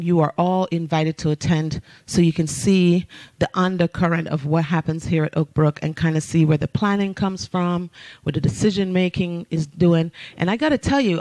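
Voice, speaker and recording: In a church sanctuary, an announcer with a mid-range voice reads out casual announcements in an upbeat, chatty way, laughing often. The recording is dry.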